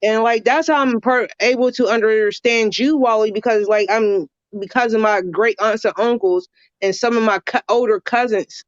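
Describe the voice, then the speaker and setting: A woman's voice: a little high, no room sound. Chatty woman on a dull lo-fi call. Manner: chatty, rambling, laughs easily. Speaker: guest, viewer. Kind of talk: casual livestream chat.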